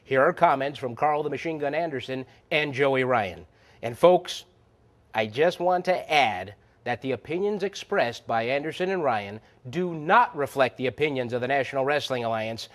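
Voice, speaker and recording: A male wrestling announcer delivering upbeat, excited promotional announcements. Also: mid-range voice, normal speed.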